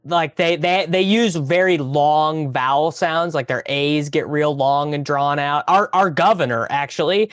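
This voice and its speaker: A man's voice: on the high side, measured pace, few pauses, fairly bright tone, no echo, clean studio sound. A Midwestern American man from Missouri co-hosting a casual podcast, rambling and blunt and repeating words as he goes. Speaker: podcast co-host.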